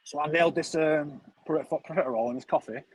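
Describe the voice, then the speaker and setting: In a voice on the high side, a male football streamer talks fast through a chatty, rambling story loaded with slang. The audio is poor, with slight background noise.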